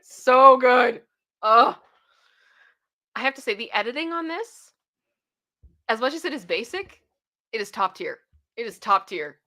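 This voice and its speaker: A woman's voice: on the high side, sing-song, moderate pace, long pauses, sharp tone. A woman hosting a livestream in casual, giggly chat, reacting to a clip and talking to her viewers. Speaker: livestream host.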